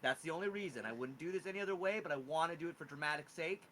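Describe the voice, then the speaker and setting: A man narrating as game master of a tabletop game, animated and lively with frequent rising emphasis. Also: racing, a little hiss or hum, poor audio. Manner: animated, pitch jumping on key words.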